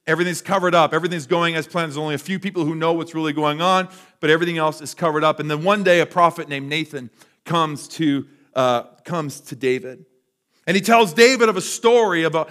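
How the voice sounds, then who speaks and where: A man's voice: on the high side, a bit bright. A man preaching a sermon, retelling a story in a conversational way and often restarting his sentences. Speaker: pastor.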